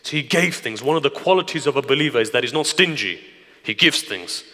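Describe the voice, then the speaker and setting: Man, preacher, sermon storytelling, hushed whispers to loud emphasis, tense bright tone, long reverb. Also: mid-range voice, animated, brisk. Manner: dramatic, drops to hushed whispers then rises to loud emphasis.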